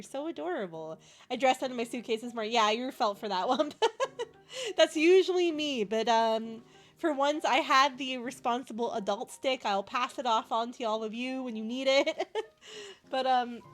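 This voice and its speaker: Bubbly high-voiced young Canadian woman. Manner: bubbly, giggly, gushing over cute things. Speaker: streamer. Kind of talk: casual chat with stream chat.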